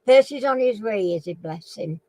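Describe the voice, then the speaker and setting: A Northern English woman hosting a casual live-stream chat. She rambles along and keeps clearing a frog in her throat. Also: medium pitch, lively intonation, measured pace, mellow, low-quality recording. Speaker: live chat and quiz host.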